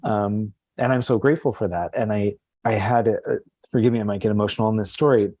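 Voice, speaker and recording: A man who works as a teacher, telling a heartfelt story in a casual podcast talk, halting often and restarting his sentences. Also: on the low side, dark tone, no room sound.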